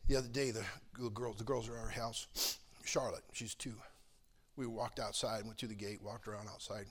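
An older man preaching a sermon as pastor, swinging between loud fervor and quiet storytelling. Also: fairly low pitch, steady tone, a little fast.

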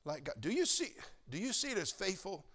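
Older male pastor, sermon, high bright voice, loud and then hushed. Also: very animated, fairly quick. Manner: swings from shouting fervor to quiet storytelling.

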